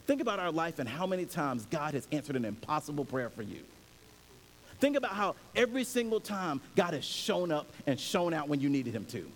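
Animated, high-voiced male pastor preaching. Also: brisk. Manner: animated and conversational, acts out scenes. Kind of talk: sermon. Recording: reverberant hall, faint hiss.

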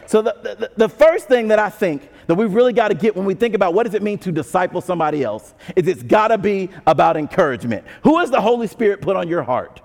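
A man preaching a sermon as pastor, conversational and animated, with frequent asides to the congregation. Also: high voice, fast, vocal fry, few pauses. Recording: long hall reverb.

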